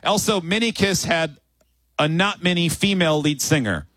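A man co-hosting a radio show tells a story with lots of energy. His voice is high and husky, and it moves up and down a lot. He acts out the quotes in the story. The sound is dry and close to the mic. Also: moderate pace, a bit bright, no room sound. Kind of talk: morning radio banter, storytelling. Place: radio studio on location at a bar.

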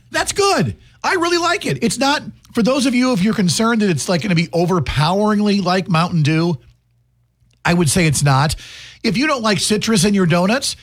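A man on a morning radio show, with a husky edge to his voice and a pitch that jumps around expressively. He teases his co-host in a wry, joking way. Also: expressive, a little fast. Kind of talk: casual on-air banter. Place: radio studio.

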